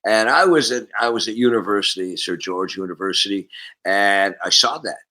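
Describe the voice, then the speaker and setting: A man in his sixties from Canada, a musician guest telling stories in a casual interview, animated and acting out the voices. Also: fairly low pitch, moderate pace, poor audio.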